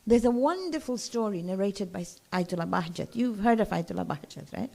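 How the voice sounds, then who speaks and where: A woman's voice: medium pitch, expressive, brisk, creaky, warm tone. A woman giving a religious lecture to a gathering, in a conversational way that keeps checking in with her listeners.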